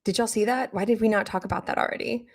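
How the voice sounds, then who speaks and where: Woman streamer, casual live chat, slightly raspy, low-energy, drifting toward vocal fry, mid-pitched. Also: fairly even intonation, fast. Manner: chatty and easily distracted, reads chat aloud. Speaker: live-stream reaction host.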